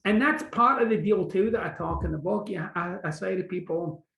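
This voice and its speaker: A man's voice: high voice, fairly quick, creaky, fairly bright tone, reverberant, poor audio. A man with a Scottish accent, a guest author talking casually and animatedly, acting out little quotes as he goes. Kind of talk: casual conversation.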